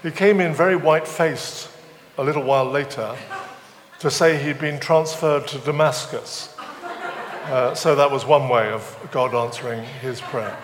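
A man's voice: mid-range voice, a little slow, long reverb tail. A man preaching a sermon, mixing scripture with humorous stories and self-deprecating asides. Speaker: visiting preacher. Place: church weekend away venue, large room.

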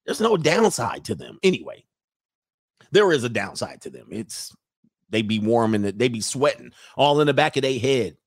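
A man hosting a casual live commentary stream, loud and joking, with slangy asides and drawn-out exclamations. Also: medium pitch, very animated, vocal fry, no room sound, studio quality. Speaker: livestream commentary host.

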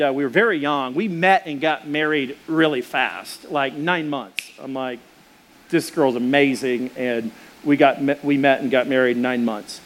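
A pastor with a mid-range voice preaches a sermon, telling a personal story in an animated, self-deprecating way.

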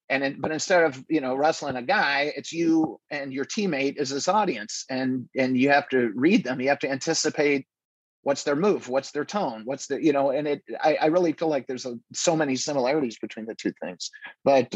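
Husky animated comedian telling stories. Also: male voice, medium pitch, moderate pace, no echo, lo-fi sound. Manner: animated, many restarts, acts out quotes. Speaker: stand-up comedian guest. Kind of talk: casual interview storytelling.

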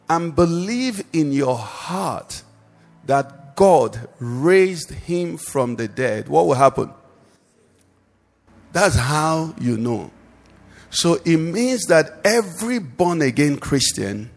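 A man preaching a sermon as pastor at a church service, asking the congregation questions and leaving them to answer. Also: medium pitch. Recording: long hall reverb.

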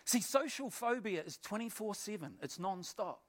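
A middle-aged man with a New Zealand accent, a pastor telling his personal testimony in an animated way, acting out scenes and repeating words. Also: sits high, moderate pace.

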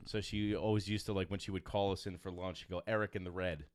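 A man's voice: deep voice, level tone, a little mellow, no echo, studio quality. Rambling, joking male podcast host. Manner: rambling, joking, quick restarts. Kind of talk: casual chat.

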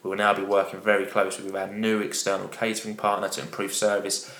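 Deep, flat-voiced man in an echoey room. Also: fast. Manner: upbeat, agreeable, reads listener tweets aloud. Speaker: podcast host. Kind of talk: casual football podcast chat.

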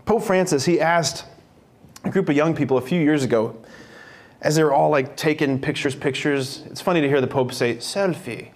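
A man's voice: fairly high pitch, fairly quick. A young man giving an informal spiritual talk to a parish group, chatty, restarting sentences and laughing often. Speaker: speaker at a parish faith program.

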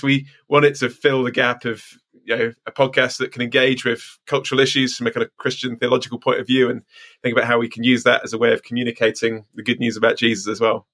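A man's voice: mid-range voice, pushed and bright. A man co-hosting a podcast, explaining things in a playful, easy way. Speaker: podcast co-host. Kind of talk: casual podcast chat.

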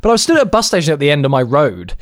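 A young man tells stories on a casual podcast. His voice sits fairly high and swings widely up and down as he acts out the people in his tales. The sound is dry and close. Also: very fast, no room sound. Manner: animated storyteller who acts out other people's voices. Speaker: podcast host.

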